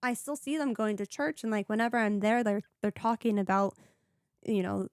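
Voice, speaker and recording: A woman's voice: mid-range voice, normal speed, darkish tone, smooth, no echo, studio quality. A young woman guest on a podcast, telling her own story in a casual, earnest, rambling way, full of "like" and "you know". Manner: earnest, rambling, heavy use of "like". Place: podcast studio.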